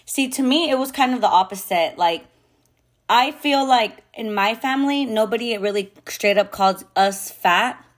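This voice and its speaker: In a slightly high voice at normal speed, a mother hosting a podcast talks bluntly and candidly. The casual monologue is thick with profanity, filler words and bits of Spanish.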